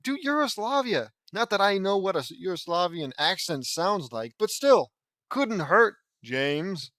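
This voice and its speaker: A man's voice: high-pitched, big pitch swings, a little slow, a bit bright, no room sound, studio quality. A man reading fan fiction aloud as an audiobook at a home mic, often breaking off into rambling, exasperated asides.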